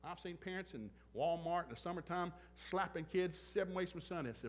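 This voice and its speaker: A man's voice: high voice, brisk, a little hiss or hum. A man preaching a sermon at a church service, blunt and joking, acting out little scenes with other voices. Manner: joking, blunt, acts out dialogue. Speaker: pastor. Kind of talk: sermon with acted-out anecdotes.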